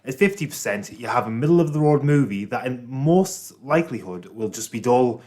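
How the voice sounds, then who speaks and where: A man's voice: medium pitch, expressive, a little fast, darkish tone. A man from County Durham with a North East English accent, chatting casually on a podcast, dry and matter-of-fact. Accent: North East England. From County Durham, England. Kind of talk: casual chat among friends.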